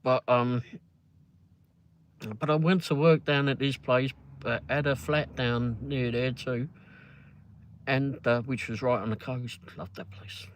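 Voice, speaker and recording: A man's voice: mid-range voice, fairly even intonation, slow pace, long pauses, slight background noise. A man with a London accent chatting casually from a car during a live ride-along, rambling with lots of fillers and swearing freely. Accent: London English. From England. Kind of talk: casual chat.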